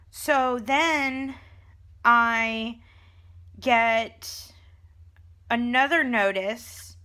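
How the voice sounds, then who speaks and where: A young woman talks straight to her camera at home in a loose, chatty vlog. Her voice is bright and forward, and she tells her story in a lively way, replaying the back-and-forth of a conversation as she goes. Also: fairly high pitch. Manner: animated storytelling, retelling conversations. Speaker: vlogger. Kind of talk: casual chat.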